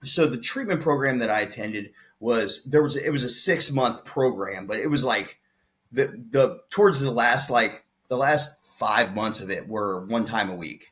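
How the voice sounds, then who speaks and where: A man's voice: mid-range voice, moderate pace. A man, a podcast guest, telling his story in casual conversation, acting out the lines of the people in it. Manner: animated retelling, acts out quoted dialogue, frequent restarts.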